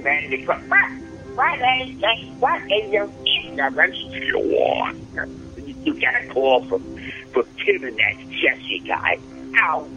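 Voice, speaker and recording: A pompous alien brain villain from a cartoon, shrill and sneering, his voice leaping high and low with theatrical scorn. The sound is dull and lo-fi, like a call. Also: very animated, slow, pushed and bright, soft background music, full character voice. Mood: irritated.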